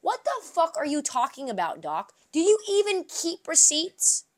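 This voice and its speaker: Profane, animated woman ranting about sports. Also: sits high, normal speed. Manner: animated, swings from shouting to mumbling asides. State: has a migraine. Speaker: podcast host.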